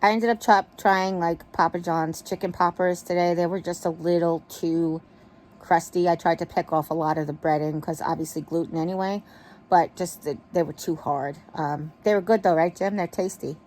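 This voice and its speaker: A woman's voice: fairly low pitch, fairly even intonation, moderate pace, a little mellow, a little hiss or hum. Chatty woman vlogging from bed. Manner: chatty, rambling, affectionate. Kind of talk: casual chat to camera. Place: bedroom, in bed. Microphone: wireless earbud mic.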